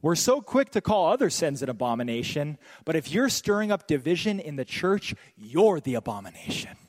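A young pastor preaches in a high, lively voice that swoops up and down. He jokes and drops into quick voiced asides. The sound rings with the long reverb of a church hall. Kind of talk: sermon.

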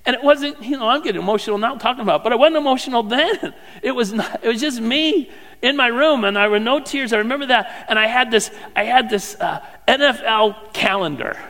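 A middle-aged man preaching a sermon, swinging from loud fervent questions to hushed, near-whispered lines. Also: very high-pitched, fairly quick. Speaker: pastor. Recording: long hall reverb.

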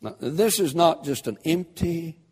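A man preaches with rising fervor, his voice rather high and swinging widely up and down. He drives his points home with loud, emphatic bursts. The sound rings with a long hall reverb. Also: lively intonation, unhurried, husky. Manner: fervent, building to shouted emphasis. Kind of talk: sermon.

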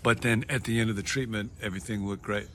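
A man with a somewhat low but bright, forceful voice guides a casual conversation, drawing out his friend's stories and adding his own reflections. Faint background noise sits under his speech. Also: fairly even intonation, quick pace. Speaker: host, interviewer.

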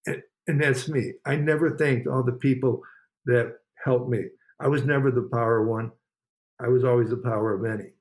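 A man's voice: on the high side, steady tone, brisk, a little mellow. A man, a motivational speaker, telling a personal story in an interview with an earnest, emphatic delivery that repeats phrases.

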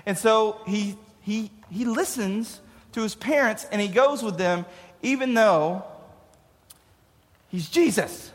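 High-voiced, jokey youth pastor in a hall. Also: male voice, takes it slowly, pauses often. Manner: jokey, laughs at his own jokes. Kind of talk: casual youth sermon. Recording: long hall reverb.

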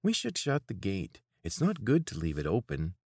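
A man's voice: low-pitched, huge pitch swings, moderate pace, a little mellow, slightly rough, no room sound, studio quality, pitched above the performer's own voice, heavily acted. A man voicing a timid, whining male city guard with a nasal voice in an audiobook. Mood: uneasy. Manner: whining, anxious. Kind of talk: audiobook character voice.

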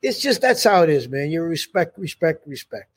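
An older man tells loose, rambling stories in an interview. His voice is husky and sits a little high, and he keeps circling back with "you know". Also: sing-song, moderate pace. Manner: rambling, full of "you know" and restarts, laughs often. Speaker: musician guest. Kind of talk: casual interview storytelling.

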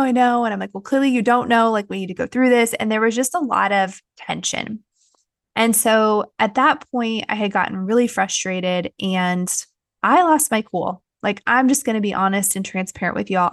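A woman's voice: mid-range voice, dry recording, clean studio sound. A woman, hosting a podcast and telling a personal story in a frank, chatty way with many fillers. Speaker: podcast host. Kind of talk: candid personal podcast talk.

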